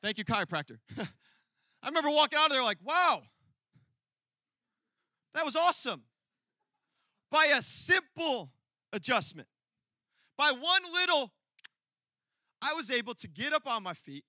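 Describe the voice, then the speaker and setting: A man's voice: very high-pitched, sing-song, moderate pace, pauses often, pushed and bright, no room sound. A man preaching a sermon to a congregation, telling a story with laughter and asides to the crowd. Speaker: pastor. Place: church hall before a congregation.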